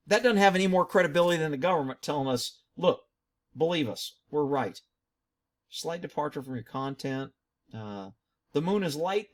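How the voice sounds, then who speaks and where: A middle-aged man with a slightly high voice works through viewer comments as host of his own channel. He talks in a loose, chatty way, reads a comment, then answers it with muttered asides and a bit of mockery. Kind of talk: casual commentary.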